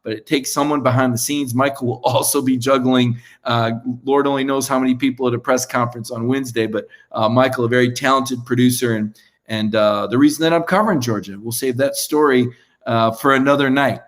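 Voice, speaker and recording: A man's voice: mid-range voice, fairly quick. Male sports host, chatty and rambling, closing a live show. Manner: chatty, rambling with fillers and restarts. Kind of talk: live show sign-off monologue.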